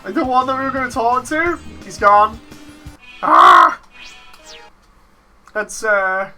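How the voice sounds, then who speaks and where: A woman streaming a game, chatting casually with her viewers and reading their chat messages out loud. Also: on the high side, animated, moderate pace. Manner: reads chat messages aloud, chatty and laughing. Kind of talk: casual gameplay stream commentary. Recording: faint game music behind.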